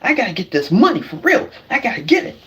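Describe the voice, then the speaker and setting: Frantic greedy jackpot chaser put on by a male streamer: high-pitched, hurried, repeats himself. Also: huge pitch swings, fairly bright tone, full character voice. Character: greedy man frantic over a lottery jackpot.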